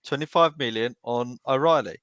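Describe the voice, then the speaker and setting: A man on a football fan panel drives his point home by repeating himself. His voice is mid-pitched and dry, recorded close. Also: normal speed, fairly bright tone, no echo. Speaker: guest panelist. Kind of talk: casual football fan chat.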